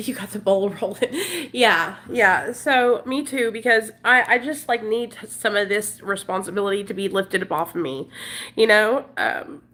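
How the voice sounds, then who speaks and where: A mid-range, fairly bright voice belongs to a forties-aged woman vlogging with slight background noise. She speaks candidly to her audience, emotional and earnest, her thoughts wandering and filled with fillers.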